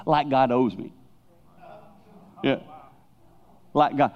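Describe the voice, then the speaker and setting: A mid-range male voice at normal speed comes through with the highs cut off. It belongs to a middle-aged traveling preacher giving a sermon to youth, speaking candidly, confessing and telling lively stories.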